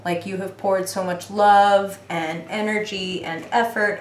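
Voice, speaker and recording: A woman giving a casual tarot reading, talking in a chatty way with lots of fillers and getting animated when she acts out what people might say. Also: medium pitch, a little slow, hardly any pauses, a little hiss or hum. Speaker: tarot reader. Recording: roomy echo.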